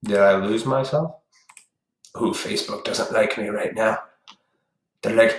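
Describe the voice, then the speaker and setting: A man with a fairly low voice rants bluntly on his own live stream, swearing freely and lecturing his viewers directly. His speech is loose and conversational, full of asides to the audience. The sound is roomy and echoey, like a bare room picked up by a desk mic. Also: fairly even intonation, measured pace. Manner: blunt, profane, preachy, talks straight to viewers. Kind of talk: casual ranting live stream.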